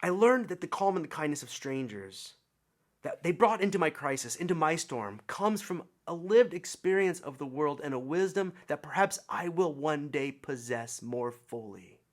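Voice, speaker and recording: A middle-aged man preaching a sermon, telling a personal story with swelling emphasis and soft, hushed drops. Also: fairly high pitch, lively intonation, normal speed. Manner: reflective storytelling, swells then drops to near whispers. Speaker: pastor.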